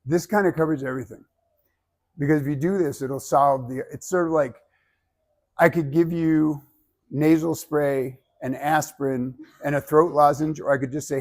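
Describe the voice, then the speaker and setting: A man's voice: on the high side, fairly even intonation, normal speed. A man giving blunt, emphatic feedback as a speaking coach, with some swearing. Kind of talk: workshop feedback.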